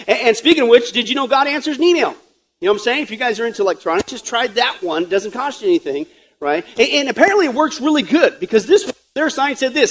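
A man's voice: extremely high pitch, very animated, quick pace. A man preaching a sermon as pastor, joking and conversational with rhetorical asides, and growing emphatic and urgent.

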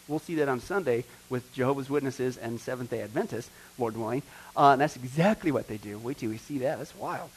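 A man's voice: medium pitch, lively intonation, a little fast, breathy edge, low-quality recording. A man, a pastor, teaching a Bible study class, punching key words and quizzing the class with questions he answers himself. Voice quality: emphatic, stresses key words loudly.

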